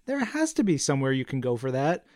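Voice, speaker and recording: A man's voice: medium pitch, wildly swooping pitch, fast, darkish tone, dry recording, studio quality. A man co-hosting a podcast in a friendly way, reading listener emails and asking the guest questions. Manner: friendly, reads emails aloud. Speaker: podcast co-host. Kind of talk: casual podcast chat.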